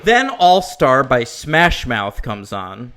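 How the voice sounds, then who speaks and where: A man's voice: a little high, a little slow. A man co-hosting a film podcast, chatting casually with crude jokes. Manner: jokey, animated, crude humor. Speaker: podcast co-host. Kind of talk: casual chat.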